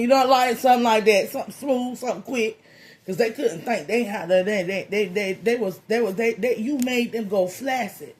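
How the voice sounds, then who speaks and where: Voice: medium pitch, normal speed. A tarot reader giving a comedic reading in a loose, slangy, playful way, with profane jokes and lots of repeated phrases. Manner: profane joking.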